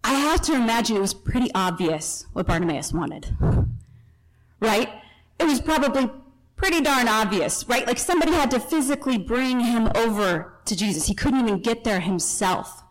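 Woman Bible teacher, conversational storyteller, slightly higher voice, who acts out the scene as she goes. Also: animated, normal speed, poor audio. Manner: chatty asides and self-corrections.

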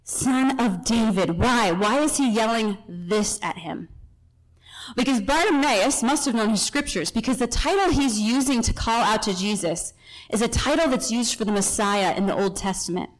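Lively woman teaching from the Gospels. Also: a little high, normal speed, poor audio. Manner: lively storytelling, acts out the people in the story; chatty asides and self-corrections. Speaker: Bible teacher. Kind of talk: conversational Bible teaching.

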